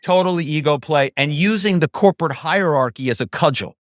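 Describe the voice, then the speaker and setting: A man telling stories as a podcast guest, lively and acting out phone calls in voices. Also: a little high, brisk, no echo, clean studio sound. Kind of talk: casual interview storytelling.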